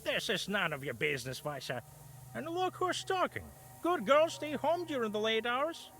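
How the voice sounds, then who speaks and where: A man's voice: very high-pitched, big pitch swings, moderate pace, pushed and bright, slight background noise, exaggerated voice. An actor voicing a grieving peasant man in a video game, defensive and sorrowful.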